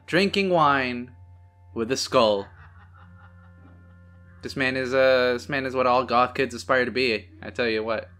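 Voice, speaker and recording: A man's voice: medium pitch, a bit bright. A man hosting a casual movie watch-along, joking sarcastically at the screen and swearing freely. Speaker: host.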